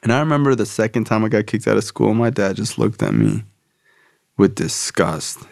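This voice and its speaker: A man's voice: fairly low pitch, lively intonation, normal speed, vocal fry, a little mellow, dry recording. A man sharing his recovery story in profane, casual, slangy talk. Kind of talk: personal storytelling.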